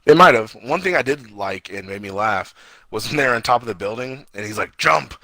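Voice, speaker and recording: A man's voice: mid-range voice, brisk, bright, forceful tone, no echo. A man co-hosting a casual movie review show, laid-back, with a habit of groaning and cursing in mock outrage. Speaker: movie review podcast co-host.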